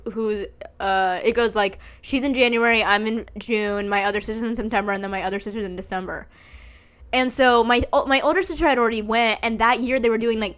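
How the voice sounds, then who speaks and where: A woman's voice: fairly high pitch, a bit bright. Giggly young woman, candid chat. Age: 20s. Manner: candid and giggly, swears freely. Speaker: podcast host. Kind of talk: casual chat.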